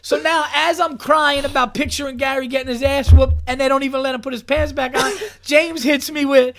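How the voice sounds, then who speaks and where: A man hosts a casual comedy podcast in a high voice. He tells stories in a rambling way, circling back with "so then". He laughs until he is in tears. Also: fairly even intonation, a little fast, creaky, hardly any pauses, a bit bright. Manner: storytelling, repeats "so then" while laughing. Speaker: podcast host.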